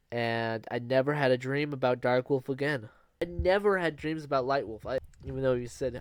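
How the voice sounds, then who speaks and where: A young male vlogger tells his own story in a dry, close room with no room sound, his medium-pitched voice at a moderate pace. He rambles loosely, with fillers and restarts, laughing at himself.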